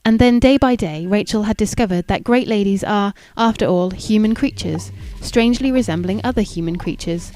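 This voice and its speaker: Measured woman reading a novel, mellow tone. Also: mid-range voice, soft background music. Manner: measured, even, formal reading. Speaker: audiobook narrator. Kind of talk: scripted narration of a classic novel.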